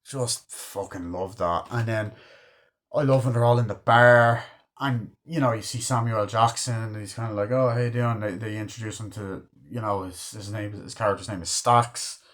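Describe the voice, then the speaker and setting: A man's voice: fairly low pitch, fairly even intonation, a little slow, a bit bright. Rambling, foul-mouthed male film reviewer. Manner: rambling, swears freely, retells scenes. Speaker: movie reviewer. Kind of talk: casual spoken film review.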